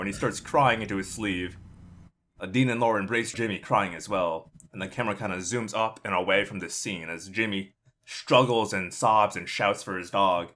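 A man casually narrating a comic movie pitch, rambling with lots of fillers. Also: a little fast, fairly bright tone. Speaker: podcast co-host pitching a movie. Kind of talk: casual comedic storytelling.

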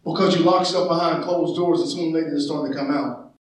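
A man preaching a sermon with passion, calling out to his congregation and often shouting. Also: fairly high pitch, steady tone, a little fast. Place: church. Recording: echoey church sound from far off.

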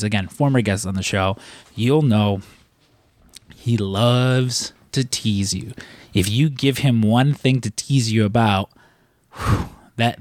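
A young podcast host tells a rambling story full of fillers, restarts and casual swearing. His voice is medium-pitched with no echo.

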